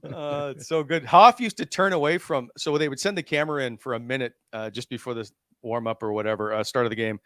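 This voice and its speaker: A man's voice: mid-range voice, quick pace, hardly any pauses, a bit bright, no echo. Chatty male host with dry sound. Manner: loose and chatty, many "uh" fillers while reading ads. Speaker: podcast host. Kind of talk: casual chat and live sponsor reads.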